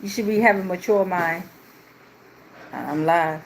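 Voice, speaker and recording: A woman giving a casual, playful tarot reading on a livestream, slangy and loose with cursing, who slips into a low, steady voice for a protective prayer. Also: measured pace, slight background noise. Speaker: tarot reader.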